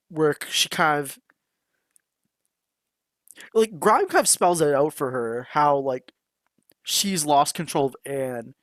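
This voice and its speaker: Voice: medium pitch, fairly bright tone, no room sound. A podcast co-host chatting casually, often stopping and restarting sentences. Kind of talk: casual chat.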